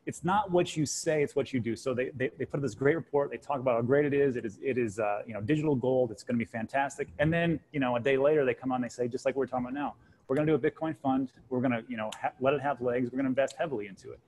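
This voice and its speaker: A man in his forties talks fast and excitedly in a casual panel conversation. He tells stories with energy, acting out other people's words in his own voice. There is a faint hum behind him. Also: mid-range voice, rough recording. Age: 40s. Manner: animated storyteller, acts out quotes. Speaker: guest co-host, crypto channel host.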